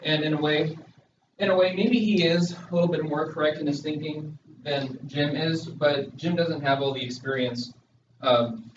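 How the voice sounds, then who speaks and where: A young man, a student, gives casual commentary on a book, halting and searching for words as he goes. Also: fairly high pitch, background noise. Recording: distant, echoey, dull room recording.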